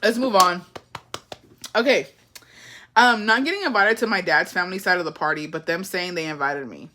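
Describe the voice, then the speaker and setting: A woman's voice: medium pitch, animated, a little fast, pushed and bright. A young adult woman, chatting casually with her viewers, blunt, profane and playful, and calling them bestie. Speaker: livestream host reading viewer comments. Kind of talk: casual chat.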